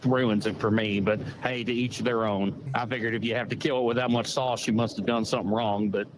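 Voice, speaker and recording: A man's voice: lowish voice, brisk. Folksy man on a noisy podcast. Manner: folksy, animated storyteller, swears casually. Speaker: podcast host. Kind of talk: casual chat. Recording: noticeable background noise.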